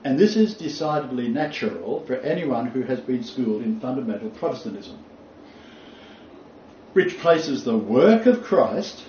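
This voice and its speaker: A man leads a Bible lecture for a small group, speaking emphatically and repeating key phrases for weight. His voice is medium-pitched and a little mellow. The lo-fi recording sounds roomy, distant, and dull, with slight background noise.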